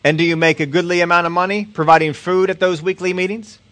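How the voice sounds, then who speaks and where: A man's voice: sits high, fairly even intonation, fast talker, a bit bright. A man voicing a wealthy, kind woman who is cheerful and politely insistent. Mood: bright polite.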